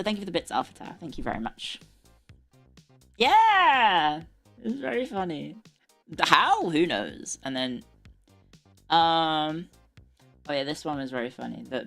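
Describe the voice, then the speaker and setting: A woman's voice: deep voice, lively intonation, a little fast, creaky, fairly bright tone, soft background music. A young adult woman streamer chatting casually, swearing and laughing often. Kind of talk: casual live-stream chat. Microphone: desk mic with earbuds.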